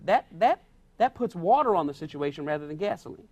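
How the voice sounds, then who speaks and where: His voice is on the high side and a little mellow, with big pitch swings and a brisk pace. Preaching in a folksy, plain-spoken way, the pastor stresses and repeats his key points emphatically and acts out quoted lines.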